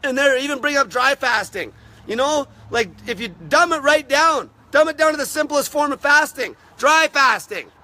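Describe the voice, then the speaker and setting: A man hosting a live stream, ranting aggressively and swearing constantly, his voice wearing raspy. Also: very high voice, animated, normal speed, pushed and bright. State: voice getting raspy from talking. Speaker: fasting channel host.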